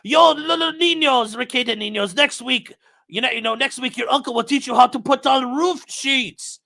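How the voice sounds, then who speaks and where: A man's voice: very high voice, moderate pace, vocal fry, sharp tone, pitched above the performer's own voice, exaggerated voice. A man voicing a boisterous old grandfather who teaches the kids a trade. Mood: boastful.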